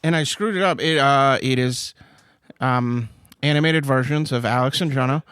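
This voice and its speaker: A man's voice: mid-range voice, moderate pace, a bit bright, smooth, no echo. A man co-hosting a comedy podcast, easygoing and rambling, often laughing, speaking into a studio microphone. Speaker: podcast co-host. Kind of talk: casual comedic banter.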